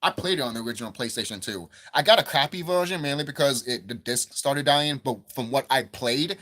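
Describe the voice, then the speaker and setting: A man with a medium-pitched, sharp-toned voice speaks a little fast in this angry gaming rant. The commentator curses and fumes about video game prices, repeating lines as he builds up steam.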